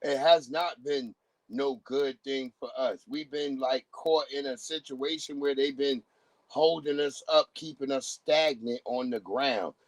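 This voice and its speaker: A man's voice: medium pitch, measured pace, dry recording. A man hosting a livestream who talks in casual, profane commentary and acts out the voices of people he quotes. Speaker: livestream host.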